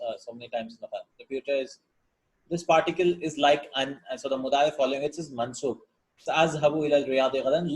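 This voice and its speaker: A man's voice: fairly high pitch, rough recording. A man teaching a language lesson in a casual, thinking-aloud way, reading words out one by one and checking in with "right?" as he goes. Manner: informal, thinks aloud, tags lines with "right?" and "yeah?"; reads each word, then glosses it. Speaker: Arabic teacher. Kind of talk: casual lesson explaining vocabulary and grammar.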